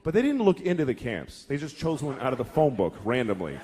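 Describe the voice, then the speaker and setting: A man's voice: medium pitch, huge pitch swings, a little fast, a little mellow. A middle-aged man performing a profane stand-up routine, exasperated, acting out the voices of the people he quotes. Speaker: stand-up comedian. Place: comedy venue before a laughing audience.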